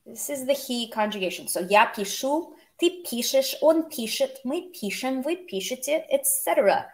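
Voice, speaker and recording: Upbeat woman, casual teacher, higher voice, explains plainly with humorous asides. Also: lively intonation, moderate pace. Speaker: language teacher. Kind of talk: casual online language lesson.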